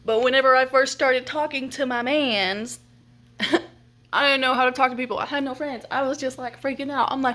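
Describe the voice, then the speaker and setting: A young woman chatting casually at home, ranting and telling stories in an animated way with lots of mild swearing and laughter. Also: on the high side, moderate pace, rough recording. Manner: animated, swears and laughs a lot, acts out quotes. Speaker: vlogger. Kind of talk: casual complaining chat. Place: home, on the couch.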